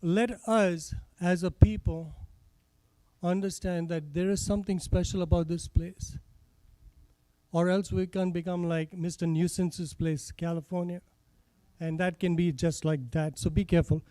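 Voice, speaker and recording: A man's voice: sits high, little pitch movement, measured pace, warm tone, clear, resonant tone. A man with a foreign accent giving an impassioned public comment at a town hall meeting, earnest and repeating his phrases. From not from this state.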